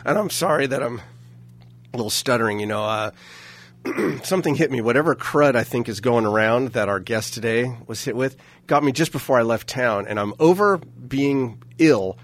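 A man hosting a casual radio talk show in a studio, hoarse and breathy from a lingering cough, playful and chatty. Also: medium pitch, lively intonation, normal speed. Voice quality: scratchy, breathy. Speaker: radio host. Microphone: studio mic.

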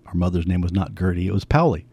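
An older man in his seventies with a low, gravelly voice tells a family story in conversation. His tone is dark and mellow, and he brings quoted people to life with animated voices. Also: fast, dry recording. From United States.

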